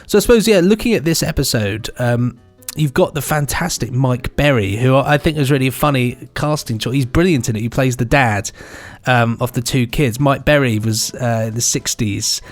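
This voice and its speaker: A man's voice: medium pitch, normal speed, hardly any pauses, faint music behind. An English man co-hosting a podcast, chatting enthusiastically and laughing often. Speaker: podcast co-host. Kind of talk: casual chat.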